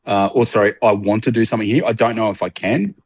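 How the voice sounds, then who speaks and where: A man with an Australian accent, a guest on a casual podcast interview, talking haltingly with many fillers and restarts. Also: lowish voice, dry recording.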